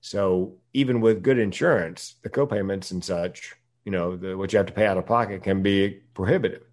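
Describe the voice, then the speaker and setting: A man's voice: deep voice, a little fast, a little mellow. A man from the United States, a podcast guest, talking candidly in casual conversation and laughing often while telling stories.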